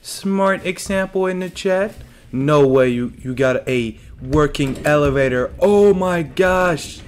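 Slow-talking jokey gaming streamer man. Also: a little high. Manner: jokey, talks to himself and chat, yelps at scares. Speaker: let's play streamer. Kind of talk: casual gameplay commentary.

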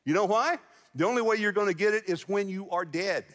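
Pastor guy preaching, fairly high voice, big echoey church hall. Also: a little fast, fairly bright tone. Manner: folksy storytelling with jokes. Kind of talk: sermon. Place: large church auditorium. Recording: long church hall reverb.

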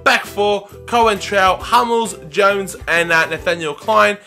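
A young man giving excitable, often shouted commentary while playing a football video game. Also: high voice, a little slow, faint music behind. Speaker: gaming YouTuber.

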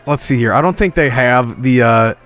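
A man streaming a game, commentating casually and excitably, swearing often and laughing a lot. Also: medium pitch, normal speed, soft background music.

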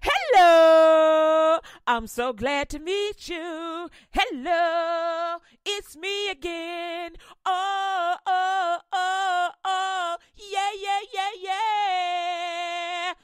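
A woman voicing sin personified as a gleeful, whooping figure who shouts with excitement. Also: very high voice, fast, hardly any pauses, no room sound, studio quality, voice pushed up. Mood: ecstatic.

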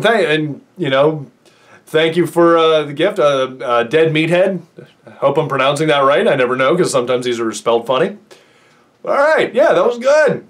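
A man hosting a let's play, giving sarcastic, excitable commentary as he plays a horror game. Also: fairly high pitch. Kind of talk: casual gameplay commentary.

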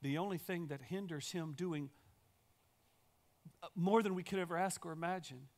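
A male pastor preaches a sermon in a church sanctuary, his fairly high voice pressing each point with emphatic repetition. He builds steadily toward rallying calls to the congregation. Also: moderate pace.

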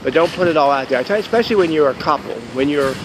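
Rambling jokey guy vlogging outdoors, slightly high voice, faint street noise. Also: expressive, racing. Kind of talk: casual vlog monologue.

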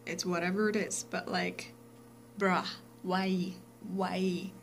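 A woman's voice: on the low side, level tone, takes it slowly, slight background noise. Rambling young woman vlogging. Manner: rambling, many fillers and self-corrections. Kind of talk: casual vlog chat.

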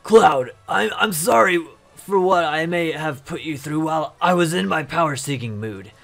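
A man's voice: on the high side, moderate pace, creaky, fairly bright tone, faint music behind. A man reading aloud the lines of a remorseful former gang leader from a video game, in an earnest, apologetic way.

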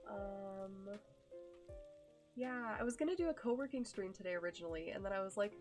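A woman's voice: medium pitch, expressive, fairly quick, over music. A young woman streaming live, chatting casually with her viewers in a gushing, affectionate way, full of ums and likes.

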